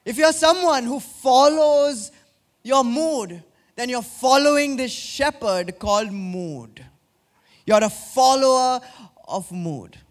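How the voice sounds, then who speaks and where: High-voiced pastor preaching with questions. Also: male voice, lively intonation. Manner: interactive preaching with questions to the congregation; drops low and slow for emphasis. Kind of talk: sermon.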